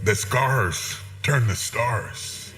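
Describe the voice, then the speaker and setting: A middle-aged man preaching a sermon as a guest bishop, swinging from loud, emphatic preaching to hushed, intimate asides, with an amen responder. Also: medium pitch, drawn-out words, soft background music. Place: large church auditorium. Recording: long reverb of a large hall.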